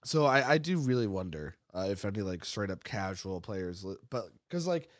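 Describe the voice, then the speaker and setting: A man's voice: on the low side, very animated, normal speed, no echo. A man co-hosting a casual gaming podcast, rambling with playful outbursts. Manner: rambling, lots of fillers and restarts, playful outbursts. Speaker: podcast co-host.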